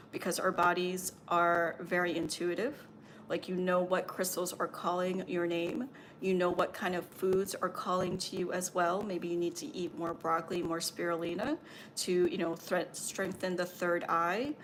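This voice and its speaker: A woman with a fairly low voice gives channeled spiritual guidance on a livestream. She rambles gently, stacks up ums and likes, and keeps a soothing, reassuring tone. Faint noise hums behind her. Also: flat delivery, moderate pace. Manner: meandering, filler-heavy, reassuring. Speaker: spiritual medium and Reiki healer.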